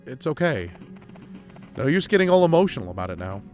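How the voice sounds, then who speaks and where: A man's voice: medium pitch, big pitch swings, rapid-fire, darkish tone, faint music behind. A man streaming a game, reading his character's lines aloud and joking between them.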